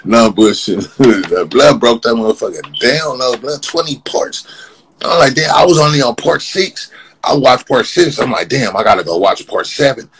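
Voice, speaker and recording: A man ranting casually on his vlog, repeating the same slang and laughing as his voice jumps up when he gets animated. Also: mid-range voice, creaky, slightly rough, poor audio. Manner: repetitive, profane, keeps saying "blood". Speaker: vlogger.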